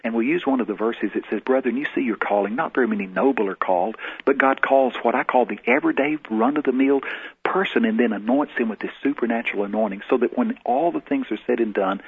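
A man's voice: mid-range voice, lively intonation, quick pace, vocal fry, breathy edge. A man, a guest minister, telling a testimony in a folksy storytelling way. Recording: tinny phone-like radio broadcast.

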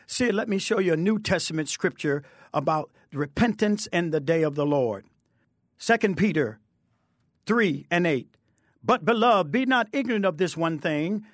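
A man's voice: high-pitched, no room sound, studio quality. A man speaking as a guest preacher, quoting scripture with fervent conviction. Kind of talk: preaching testimony.

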